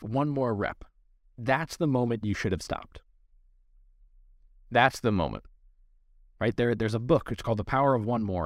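Male dog trainer, mid-pitched, earnest explainer, dry close mic. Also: no echo. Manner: earnest, explanatory, talks to listener directly. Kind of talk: instructional podcast talk.

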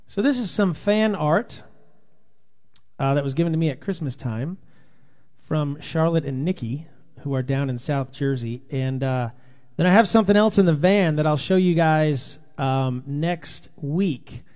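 A man from Rhode Island with a somewhat high voice hosts a relaxed livestream and chats to viewers one by one. His voice sounds tired and worn from long touring. He rambles loosely and reads comments as they come in. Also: measured pace. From Rhode Island, USA. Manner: chatty, greets viewers by name, loose and rambling. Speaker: livestream host and touring Christian musician. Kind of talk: casual live chat reading viewer comments.

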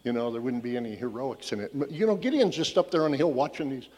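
Husky man teaching in a reverberant hall. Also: medium pitch, fast, darkish tone. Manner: casual, storytelling, thinking aloud with restarts. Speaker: Bible teacher. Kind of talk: conversational Bible teaching.

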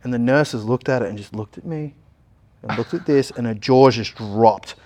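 A man's voice: mid-range voice, moderate pace. A young Australian man telling a long personal story in a casual interview, acting out the lines of the people in it. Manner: animated retelling, acting out other people's lines. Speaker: interview guest.

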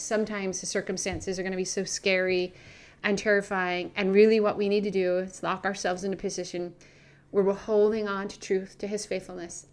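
Brief: woman podcast co-host, mid-pitched, earnest animated storyteller, faith talk.

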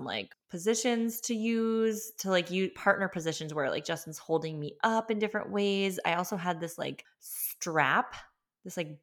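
A young adult woman hosting a podcast, telling a personal story in a chatty, emphatic way full of "like". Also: lowish voice. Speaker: podcast host.

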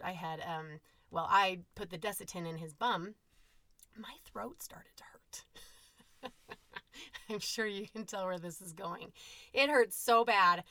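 30s mom rambling thru a family story on her podcast, candid and lively, crisp bright voice, dead dry room. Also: medium pitch, dry recording. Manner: candid, animated, quotes herself in asides. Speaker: podcast host, mother of eight. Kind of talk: casual personal storytelling.

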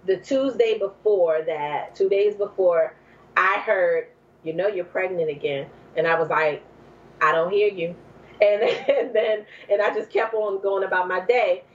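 Expressive woman telling a story. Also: unhurried, far from the mic. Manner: expressive, jumps to high exclaims when quoting herself. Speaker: guest. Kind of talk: personal storytelling in conversation. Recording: dull lo-fi recording.

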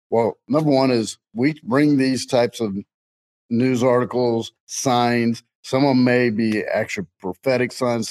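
Middle-aged male co-host, casual faith podcast, loose and jokey, medium pitch. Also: a little mellow, poor audio. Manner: rambling, jokey, laughs often.

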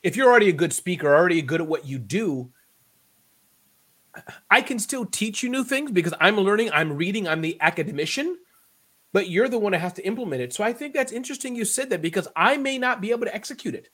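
A man's voice: high-pitched, animated, fast, bright, forceful tone. A man around fifty, a podcast guest talking animatedly in a casual interview, often repeating words as he builds a point. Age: 50s.

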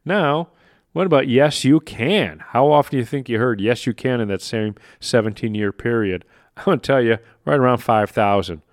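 A man's voice: medium pitch, moderate pace, no room sound, clean studio sound. A man hosting a motivational podcast, talking animatedly and acting out inner voices, laughing at himself now and then. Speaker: podcast host. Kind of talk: motivational solo podcast talk.

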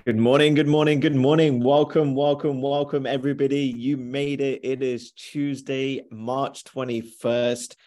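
A man's voice: mid-range voice, little pitch movement, a little slow, hardly any pauses, a little mellow. A man hosting a live motivational podcast, upbeat and chatty, repeating his greetings and talking himself through his morning. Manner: upbeat, repeats greetings, self-talk asides. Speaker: podcast host.

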